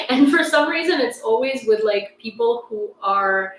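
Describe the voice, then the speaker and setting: A woman's voice: fairly high pitch, moderate pace, fairly bright tone, slight background noise. A young woman from Ukraine hosting a casual livestream, rambling and saying "like" a lot. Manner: rambling, heavy use of "like". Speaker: livestream news host. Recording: roomy sound, distant mic, faint ambience.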